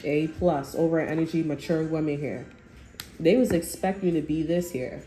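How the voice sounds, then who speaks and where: Woman, low mellow voice, blunt casual tarot reader, roomy sound, faint music behind. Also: normal speed. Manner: blunt, swears, quotes people in raised voice.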